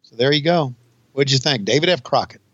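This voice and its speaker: A man's voice: mid-range voice, expressive, brisk, a bit bright, husky, no echo, highs cut off. An older man co-hosting a podcast, wry and profane, sighing between remarks. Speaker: podcast co-host, former commentator. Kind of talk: casual podcast banter over archive footage.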